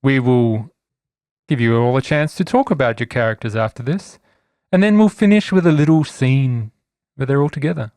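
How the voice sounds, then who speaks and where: A man's voice: mid-range voice, moderate pace, a little mellow, no echo. Man reading game rules aloud. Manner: clear instructional reading with dry asides. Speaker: game master. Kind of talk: reading rules and running a tabletop session. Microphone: podcast microphone.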